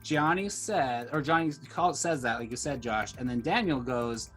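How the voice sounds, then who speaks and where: A man's voice: mid-range voice, lively intonation, moderate pace, few pauses, fairly bright tone, soft background music. A man co-hosting a casual discussion of a TV series, retelling scenes with energy and acting out the characters' lines. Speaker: podcast co-host.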